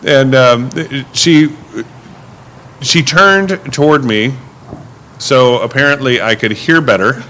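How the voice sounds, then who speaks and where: A man's voice: mid-range voice, takes it slowly, pauses often, bright, forceful tone, a little hiss or hum. Easygoing male storyteller. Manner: easygoing storyteller, mimics passengers. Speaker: rideshare driver telling stories. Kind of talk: casual storytelling on a podcast.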